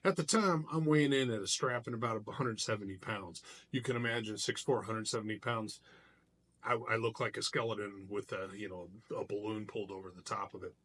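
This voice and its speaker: A middle-aged man, a martial artist, telling a personal story in a casual vlog, animated and loose with frequent restarts. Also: fairly low pitch, brisk, breathy edge.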